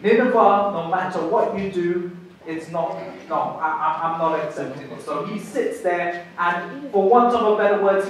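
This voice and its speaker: A man preaching a sermon, telling a story in an animated way and repeating words as he builds a point. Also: sits high, far from the mic. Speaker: pastor. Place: church hall. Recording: echoey church hall from afar.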